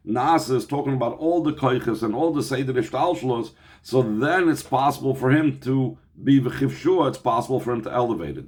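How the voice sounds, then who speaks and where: A man's voice: medium pitch, a little mellow. A man teaching a text study class, reading Hebrew passages aloud and explaining them in English, often restarting and repeating words as he thinks. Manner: reads Hebrew lines then explains in English with Yiddish terms. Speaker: Torah teacher.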